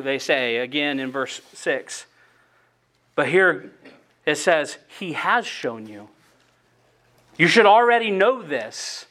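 High-voiced man preaching earnestly. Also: expressive, unhurried, a bit bright. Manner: earnest expository preaching, reading scripture aloud with rising emphasis. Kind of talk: sermon.

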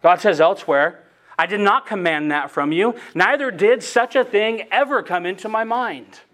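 A man with a notably high voice delivers an earnest sermon. He reads scripture aloud and presses hard on key phrases, then eases back as he explains them. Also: moderate pace, a bit bright. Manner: earnest expository preaching, reading scripture aloud with rising emphasis. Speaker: preacher.

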